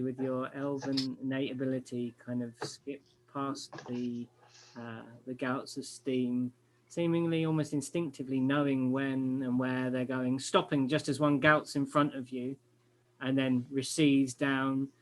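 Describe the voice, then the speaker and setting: A man narrating a tabletop game as game master, pausing often with fillers. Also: mid-range voice, steady tone, a little hiss or hum. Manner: hesitant, many fillers.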